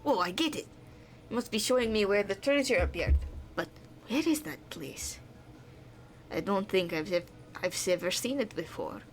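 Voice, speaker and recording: A woman voicing a determined young treasure-seeking adventurer, reading game lines aloud in a lower, quieter voice. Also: animated, moderate pace, slight background noise, close to an everyday voice. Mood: thoughtful. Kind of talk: voicing game dialogue on a stream.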